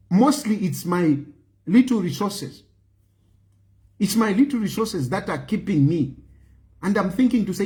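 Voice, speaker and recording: A Zambian-accented political commentator with a high-sitting, darkish voice makes an impassioned, pleading appeal to his online audience. He often repeats phrases for emphasis.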